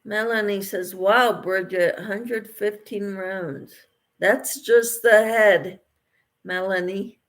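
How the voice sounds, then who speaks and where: Slow, relaxed woman crocheting on a livestream. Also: medium pitch. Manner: slow, relaxed, reads viewer comments and answers them. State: getting tired late at night. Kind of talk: casual livestream chat, reading comments aloud.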